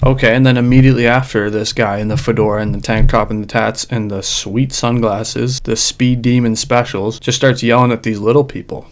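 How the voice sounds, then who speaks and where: A man giving sarcastic, wry commentary in a comedic reaction video, recorded in his own dark room. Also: mid-range voice, level tone, fairly quick, hardly any pauses. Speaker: video host.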